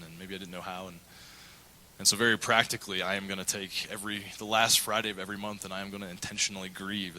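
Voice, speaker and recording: A man's voice: low-pitched, bright, forceful tone, slight background noise, low-quality recording. A middle-aged male pastor preaching a sermon, telling a candid personal story and acting out the quotes. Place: church.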